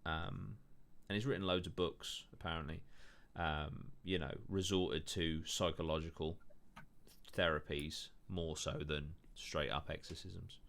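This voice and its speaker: A man's voice: rumbling low, steady tone, unhurried, creaky, fairly bright tone. A man hosting a podcast in casual, rambling chat, full of swearing and fillers. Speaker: podcast host.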